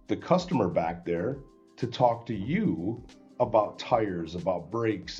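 Deep-voiced man telling a story. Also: dull audio. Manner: animated, acts out quoted dialogue, many restarts. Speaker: podcast guest. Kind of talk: casual storytelling interview.

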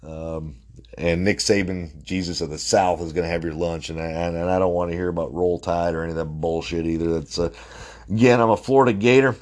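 A man with a very low voice hosts a casual sports podcast. He rambles in a blunt, opinionated way, with many ums and restarts, and now and then he swears. He sounds like he is in his forties. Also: steady tone, fairly quick, darkish tone.

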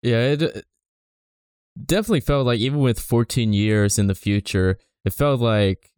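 A man's voice: medium pitch, moderate pace, darkish tone, smooth, no echo, studio quality. A man in casual podcast chat, joking dryly and adding short interjections.

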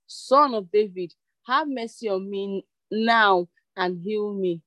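A woman's voice: mid-range voice, takes it slowly, a bit bright, dry recording. A woman reading the cries of a blind beggar man asking to be healed. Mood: pleading.

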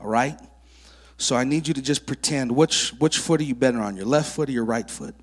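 This male preacher's mid-range voice is husky and moves a little fast. Standing in a church sanctuary at a kids camp, he tells lively miracle testimonies during his sermon and invites child volunteers to join him.

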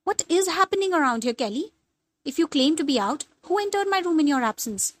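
A woman's voice: high-pitched, expressive, fairly quick, no room sound, pitched above the performer's own voice. Woman voicing a defensive secretive mother. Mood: puzzled.

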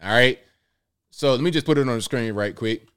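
A man's voice: mid-range voice, brisk, a bit bright, clean tone. A man with a Southern American accent hosts a solo political commentary stream. He talks emphatically, restating his points and throwing rhetorical questions at the audience in a mid-range voice. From United States. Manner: emphatic, repeats phrases, fires rhetorical questions at viewers.

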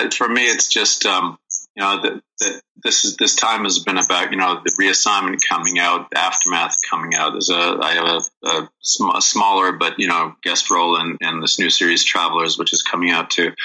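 Middle-aged man, low-ish voice with a very bright edge, rambling interview guest. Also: level tone, normal speed, poor audio. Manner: rambling, many restarts and fillers. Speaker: actor guest. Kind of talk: casual interview chat.

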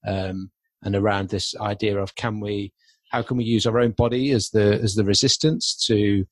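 A man's voice: on the low side, fairly even intonation, normal speed, dry recording. A man who coaches calisthenics, a guest on a podcast, explaining his work in a friendly way with frequent ums. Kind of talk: casual podcast interview.

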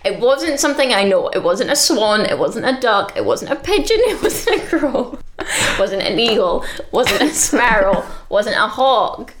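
A woman's voice: a little high, big pitch swings, a little slow, hardly any pauses. A woman co-hosting a casual chat, telling a story in a rambling, giggly way, full of filler words. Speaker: podcast co-host recapping a show.

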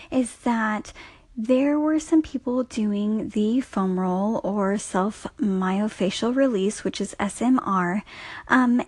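A woman's voice: medium pitch, a little mellow, slightly rough, no echo. Woman fitness coach, casual podcast tips, step-by-step and repetitive, dead-dry sound. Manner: explains step by step, repeats key points.

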